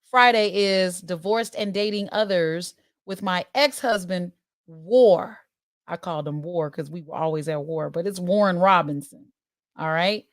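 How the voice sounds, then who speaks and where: A woman's voice: lowish voice, a little slow, no echo, studio quality. A woman in her forties hosting her live-stream talk show, telling stories candidly and acting out voices as she goes. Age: 40s. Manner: animated, candid storyteller who acts out voices.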